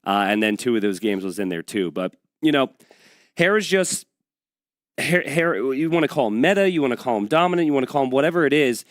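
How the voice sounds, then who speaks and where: An upbeat man casting an esports match in a chatty, easy way. His voice is mid-pitched and recorded close and dry, with no room sound around it. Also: lively intonation, brisk, no room sound. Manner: upbeat, chatty, hypes the players. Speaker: esports caster. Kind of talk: esports commentary.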